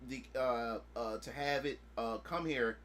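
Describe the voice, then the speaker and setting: A man streaming a casual chat, excitable and swearing freely, acting out his own past reactions. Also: mid-range voice, unhurried, slight background noise. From United States.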